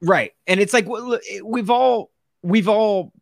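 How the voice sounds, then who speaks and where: An excitable man from Tennessee, co-hosting a casual sports podcast, laughing often and talking with lots of "like". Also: high-pitched, measured pace, creaky, dry recording, clean studio sound. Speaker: podcast co-host.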